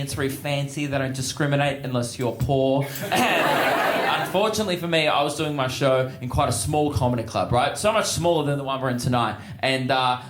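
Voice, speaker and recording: High-voiced cheeky comic. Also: male voice. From Australia. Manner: brash, cheeky, laughing at his own jokes. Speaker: stand-up comedian. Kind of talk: stand-up comedy set. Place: large theatre stage before a live audience. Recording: roomy live hall with loud audience noise.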